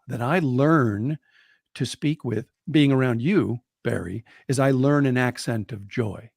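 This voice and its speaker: A man's voice: medium pitch, vocal fry, no echo, studio quality. A man co-hosting a podcast, telling a reflective personal story in a conversational way. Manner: reflective, animated when quoting others.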